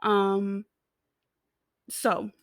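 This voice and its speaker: A woman's voice: mid-range voice, monotone, drawn-out words, dry recording, studio quality. A young American woman giving a casual, rambling TV recap, giggling and swearing freely as she talks. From United States. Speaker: TV show reviewer.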